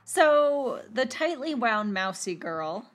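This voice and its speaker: A woman hosting a podcast, recapping a TV episode in a casual, animated, giggly and jokey way. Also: a little high, slow. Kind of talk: casual chat.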